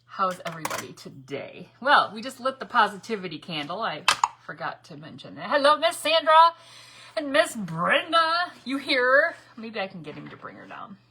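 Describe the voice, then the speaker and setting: A woman's voice: medium pitch, big pitch swings, normal speed, pushed and bright, a little hiss or hum. A middle-aged woman hosting a casual craft livestream from her home craft room, chatty, laughing often and greeting viewers by name. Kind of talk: casual live-stream chat.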